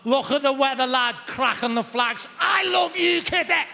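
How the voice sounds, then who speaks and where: A man voicing an excitable, loud male Liverpool local with a Liverpool accent. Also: extremely high pitch, moderate pace, vocal fry, in a large hall, a loud crowd, heavy background noise, voice pushed up. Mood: buzzing. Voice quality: shouty and emphatic.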